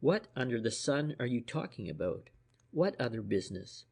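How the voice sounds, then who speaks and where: A blunt gentleman losing his patience, as a man reads him. His speech is short and sharp, pitched in the middle range, in a mystery audiobook. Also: big pitch swings, moderate pace, creaky, slightly rough, full character voice. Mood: irritated. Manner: curt, sharp. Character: direct, impatient gentleman client.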